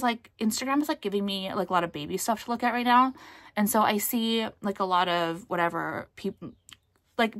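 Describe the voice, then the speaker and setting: A woman's voice: medium pitch, fairly bright tone, dry recording. A young American woman chatting casually in a vlog, rambling with lots of fillers, swearing and flaring into outrage. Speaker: vlogger.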